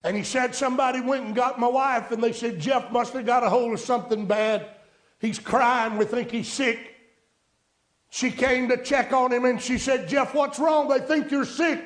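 High-voiced country preacher in an echoey room. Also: male voice, fairly even intonation, moderate pace. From rural United States. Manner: storytelling preacher, rising to emphatic pleas. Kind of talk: sermon.

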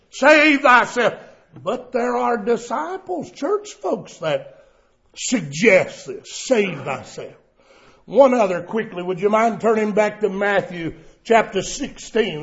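A male preacher delivers a sermon, swinging between loud cries and hushed tones. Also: high voice, highs cut off.

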